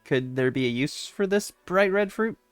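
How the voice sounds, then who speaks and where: A man's voice: fairly high pitch, expressive, moderate pace, smooth, no room sound, soft background music. A man who streams games, giving casual let's-play commentary and reading the dialogue aloud with wry asides. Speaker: game streamer.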